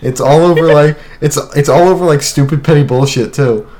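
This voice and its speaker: A man's voice: on the high side, a little fast, darkish tone. A young man co-hosting a podcast in casual chat, rambling, joking and swearing loosely. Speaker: podcast co-host.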